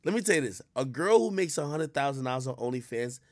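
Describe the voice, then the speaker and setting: A man's voice: mid-range voice, expressive, quick pace, no echo, studio quality. A man giving blunt, profane commentary in a rambling, storytelling way while reacting to a clip.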